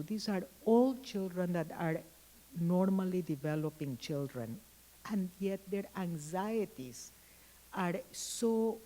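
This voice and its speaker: A woman giving a conference keynote lecture, telling anecdotes in a thoughtful way with frequent pauses and restarts. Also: on the low side, warm tone, low-quality recording. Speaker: keynote speaker.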